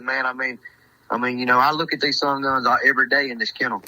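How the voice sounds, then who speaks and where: A man's voice: mid-range voice, fairly even intonation, fast, pushed and bright, dry recording, poor audio. A man in his twenties, a guest who raises hunting dogs, talking in a laid-back, hesitant way with many "you know" fillers. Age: 20s. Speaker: hunting dog handler, guest. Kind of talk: casual podcast chat.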